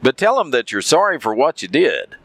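A man's voice: mid-range voice, very animated, a little fast, fairly bright tone, no echo. A man telling a story in a casual monologue, repeating phrases for emphasis.

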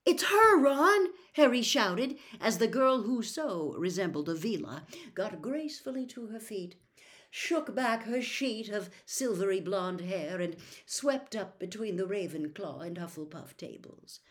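A woman reading a novel aloud as a storyteller, narrating in a steady, expressive way. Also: mid-range voice, unhurried.

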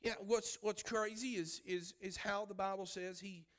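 A man's voice: high-pitched, fairly even intonation, normal speed, fairly bright tone. A man preaching a sermon as pastor. He speaks emphatically, repeats his phrases and asks the congregation questions.

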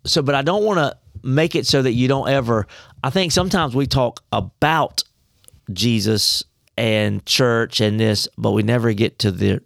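A man's voice: medium pitch, moderate pace, creaky, dry recording, studio quality. A man co-hosting a faith podcast, talking in a folksy, conversational way with preachy asides. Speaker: podcast co-host. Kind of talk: casual faith podcast discussion.

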